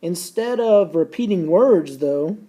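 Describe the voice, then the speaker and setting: Man, teacher, recorded lecture, folksy, repeats points, mellow, slightly high. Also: animated. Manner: folksy, repeats key points slowly for emphasis.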